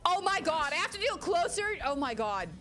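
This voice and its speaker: A woman streaming a video game in casual, profane chat, swinging between low mutters and excited shouting over game music. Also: brisk. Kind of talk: casual let's-play chat. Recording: game music playing behind.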